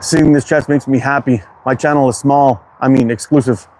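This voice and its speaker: Outside in cold wind, a Canadian slingshot livestream host with a Quebec accent greets his chat, reading names aloud in an easygoing, friendly way and swearing casually. His voice is medium-pitched and darkish, steady in tone, at a normal speed. Wind and outdoor noise run underneath.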